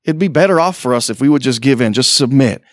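A pastor preaches to his congregation conversationally, slipping in sarcastic asides and acting out quotes. His medium-pitched voice is expressive and quick, in a clean, echo-free studio recording.

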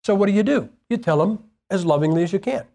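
An older male evangelist giving an informal, conversational sermon. His partly paralyzed vocal cords leave his voice breathy at the ends of sentences, and he often restarts his phrases. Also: high-pitched, lively intonation, fast talker, dark tone. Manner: conversational and plain-spoken, with repeated restarts. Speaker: evangelist preacher.

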